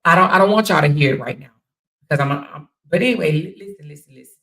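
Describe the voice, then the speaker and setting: Woman, livestream commentator, gravelly low voice, casual, incredulous, speaks to her audience. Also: fast, rough recording. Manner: animated, incredulous, talks straight to viewers.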